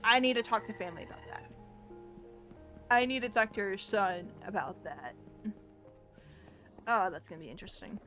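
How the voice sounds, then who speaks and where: Young woman streamer rambling candidly, mid pitch, quiet music behind. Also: moderate pace, pauses often. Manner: candid, rambling, frequent restarts. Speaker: livestreamer. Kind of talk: casual chat.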